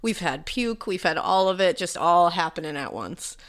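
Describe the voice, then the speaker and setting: A woman's voice: on the low side, lively intonation, normal speed. A woman in her thirties co-hosting a podcast, chatty and laughing often, a little stuffed up from a cold. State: slightly stuffed up from illness. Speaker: podcast co-host. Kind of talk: casual chat.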